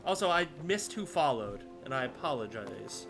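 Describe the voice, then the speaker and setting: A man's voice: medium pitch, very animated, moderate pace, vocal fry, a bit bright. A man streaming a game live, chatting casually and scattered with viewers, swearing now and then. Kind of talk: casual gameplay commentary. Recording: music playing behind.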